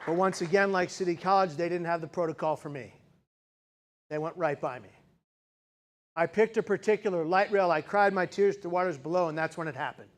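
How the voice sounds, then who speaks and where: A high-voiced man, a keynote speaker, tells a gripping personal story to a live audience. His dramatic delivery climbs to intense peaks and then falls to hushed, slow emphasis, and he often turns to the crowd with rhetorical questions.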